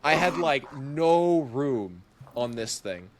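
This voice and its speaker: Taking it slowly, a young man with a mid-range voice tells a story as a guest on a podcast. The telling is easygoing and animated, with plenty of laughter as he acts out people's words.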